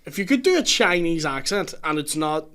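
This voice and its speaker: Blunt, higher-voiced young man swearing. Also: fairly quick. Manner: blunt, animated, swears freely. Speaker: podcast guest. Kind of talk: casual podcast chat.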